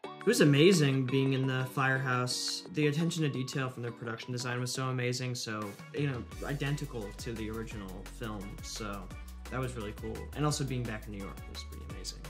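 A young male actor chats loosely in a press junket interview. His voice sits at an everyday middle pitch, and he rambles, leaning heavily on filler words as he strings his thoughts together. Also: fairly even intonation, quick pace, over music. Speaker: actor promoting a film. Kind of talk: casual press junket chat.

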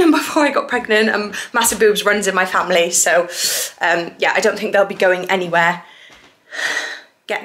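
A young woman chatting casually to a handheld phone camera at home, gushing and excitable as a family vlogger. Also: medium pitch. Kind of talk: casual vlog chat to camera.

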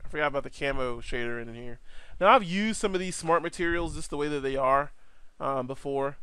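A man giving a casual, rambling software tutorial over his screen, correcting himself and adding jokey asides. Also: a little high, fairly quick, clear, resonant tone, no room sound.

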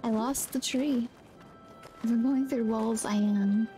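Soft-voiced, unhurried woman streamer. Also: on the high side, fairly even intonation, faint music behind. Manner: soft-spoken, giggly, chatty about her dog. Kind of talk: casual chat with viewers while gaming.

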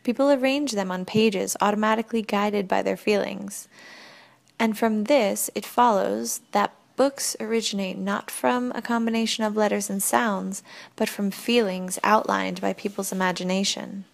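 A woman reading an audiobook, voicing a calm, wise young woman who explains things patiently. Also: mid-range voice, moderate pace, creaky, close to an everyday voice.

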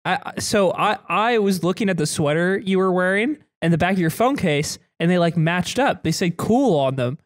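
High-pitched male host, giggly and self-deprecating, casual chat. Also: lively intonation, moderate pace, hardly any pauses. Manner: laughs often, self-deprecating, stumbles over words. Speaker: podcast co-host.

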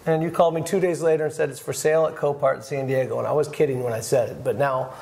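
A man's voice: medium pitch, fairly even intonation, fast, vocal fry, a little mellow. A man co-hosting a casual workshop show, joking and wisecracking. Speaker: co-host. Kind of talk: casual shop talk.

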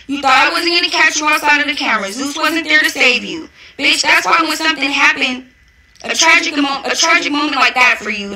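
Sharp-voiced young woman in a profane rant. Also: sits high, poor audio. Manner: profane, confrontational and taunting. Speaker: reality show cast member. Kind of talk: angry social media rant.

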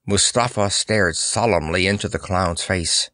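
A man reading a children's fantasy book aloud as narrator, in an expressive storytelling manner. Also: medium pitch, a little slow, dry recording, studio quality. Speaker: audiobook narrator. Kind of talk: scripted narration.

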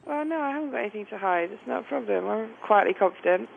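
English woman, radio caller, teasing, breezy, gravelly voice. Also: medium pitch, expressive, quick pace, narrow, tinny audio, slight background noise. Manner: breezy, teasing, calls people sweetheart. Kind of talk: flirty on-air phone banter.

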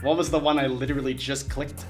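A young man streaming a game, reacting with animated, sarcastic, slangy comments and frequent laughter. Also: medium pitch, fast, over music. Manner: laughs often. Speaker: gaming streamer. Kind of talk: let's play commentary.

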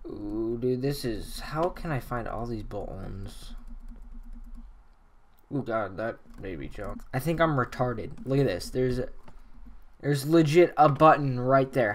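A man giving casual gameplay commentary at his computer, muttering to himself with sudden excited outbursts. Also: medium pitch. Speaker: gaming channel host.

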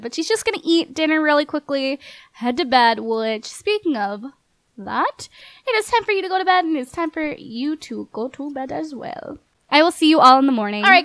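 High-pitched girl doing chatty game commentary, bubbly, laughs a lot, talks to her sims, dry close mic. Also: no room sound. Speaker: gameplay commentator.

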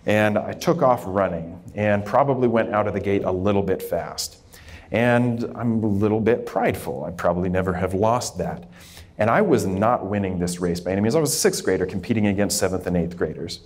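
A man's voice: on the low side, brisk. A man who grew up in Idaho, a dermatologist giving a candid, informal talk to a group of students, with frequent fillers and restarts. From Idaho, USA.

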